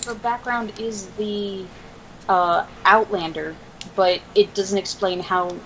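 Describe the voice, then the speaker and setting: A woman's voice: medium pitch, steady tone, slow pace, a crowd in the background, low-quality recording. A woman playing a tabletop game, explaining and narrating her character's actions. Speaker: player.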